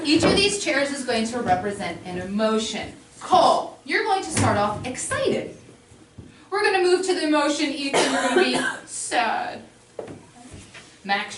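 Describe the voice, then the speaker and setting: A woman hosting a children's improv showcase, upbeat and giving quick instructions to performers. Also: high voice. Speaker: improv teacher and show host. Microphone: distant room recording. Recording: echoey hall, distant, loud noise and crowd.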